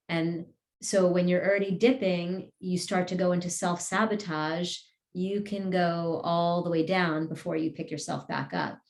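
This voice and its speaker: A woman teaching an energy healing class over a video call, earnestly talking through self-sabotage and slowly leading affirmations for listeners to repeat. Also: lowish voice, reverberant.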